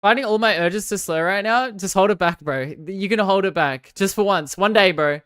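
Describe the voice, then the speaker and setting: In a clean, studio-quality recording with no room sound, a young Victorian woman talks a little fast in a mid-range voice with a clean tone. She's casually reading stream comments aloud, sarcastic and joking, with loud outbursts of protest.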